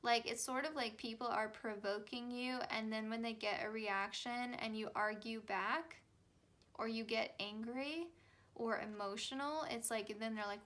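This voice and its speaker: A woman's voice: a little high, fairly even intonation, moderate pace, a bit bright. A young woman giving a casual, chatty tarot reading, reassuring her viewers with plenty of fillers. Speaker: tarot reader.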